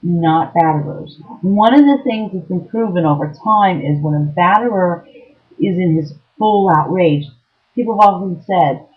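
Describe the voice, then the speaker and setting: A woman's voice: lowish voice, measured pace. A middle-aged woman telling a personal story about an abusive ex-partner, talking earnestly with frequent ums and restarts. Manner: earnest and emotionally raw. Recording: dull lo-fi home recording.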